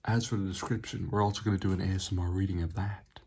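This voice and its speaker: A man's voice: deep voice, little pitch movement, fast talker, a little mellow, slightly rough. A young man reviewing an energy drink, making sarcastic, swearing asides. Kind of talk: casual product review vlog.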